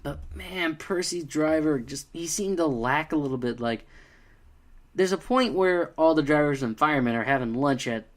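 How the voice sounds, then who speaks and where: A man's voice: a little high, normal speed. A young man giving a casual, exasperated video review, full of fillers like "uh" and "like.". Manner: exasperated, animated, many fillers.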